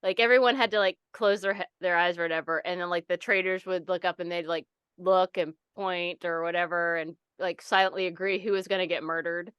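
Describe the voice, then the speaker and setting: A young woman co-hosting a casual podcast chat, animated and swearing freely as she acts out other people's reactions. Her voice is smooth and clear. It is recorded close and dry. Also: lowish voice, a little fast, no room sound, dull audio. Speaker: podcast co-host.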